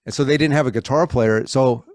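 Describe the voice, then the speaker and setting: A man's voice: mid-range voice, brisk, no room sound, clean studio sound. A middle-aged man telling anecdotes in a casual interview as a guest, with frequent restarts and self-corrections, and he acts out the voices he quotes. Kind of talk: casual conversational storytelling.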